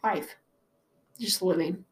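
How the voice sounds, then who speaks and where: A woman's voice: fairly low pitch, takes it slowly. A woman co-hosting a casual podcast chat who answers in short, dry replies. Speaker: podcast co-host.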